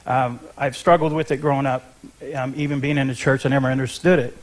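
A ministry intern giving a short sermon in church, chatty and nervous, with lots of ums and restarts. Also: male voice, mid-range voice, fairly even intonation, brisk.

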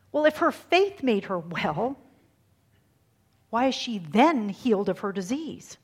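A woman giving a sermon, dramatic and swinging from hushed near-whispers to emphatic lines. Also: medium pitch, sing-song, a little slow, breathy edge. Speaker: speaker giving a faith talk.

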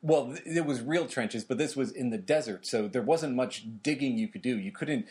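A man co-hosting a podcast, casually talking through historical events in a relaxed, explanatory way. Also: mid-range voice, normal speed. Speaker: podcast co-host.

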